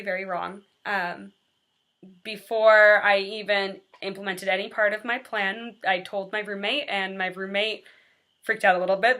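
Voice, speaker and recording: A woman's voice: mid-range voice, pushed and bright. A woman in her twenties, a teacher, talking candidly and earnestly in a personal vlog confession. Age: 20s.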